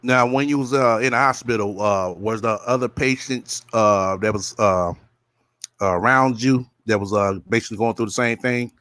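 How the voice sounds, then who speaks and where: Hesitant man asking halting questions. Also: on the low side, a bit bright, clear, resonant tone, dry recording. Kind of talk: casual chat.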